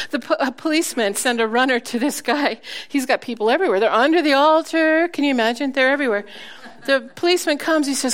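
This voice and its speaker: A woman preaching a sermon, telling stories with laughter between points, slowing down for emphasis and dropping to a soft, quiet voice. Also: high-pitched. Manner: slows down for emphasis, then drops to a soft, quiet voice. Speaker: guest preacher.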